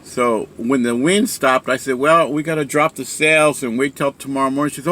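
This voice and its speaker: A man's voice: mid-range voice, fairly even intonation, normal speed, hardly any pauses, fairly bright tone, a little hiss or hum. A man casually telling a story about a sailing trip, rambling with many fillers and restarts. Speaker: speaker sharing a story.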